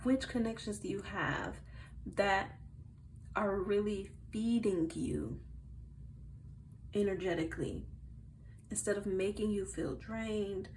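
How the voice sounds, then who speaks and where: A woman's voice: mid-range voice, slow, long pauses, slight background noise, low-quality recording. Chatty woman giving a tarot reading. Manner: chatty, bursts into giggles, shifts from soft murmurs to loud outbursts. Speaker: tarot reader. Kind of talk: casual tarot reading chat.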